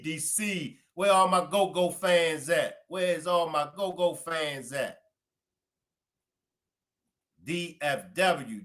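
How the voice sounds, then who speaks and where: Baltimore-accented man, stream host, chatty shout-outs, slightly high voice. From Baltimore, USA. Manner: chatty, greeting viewers by place.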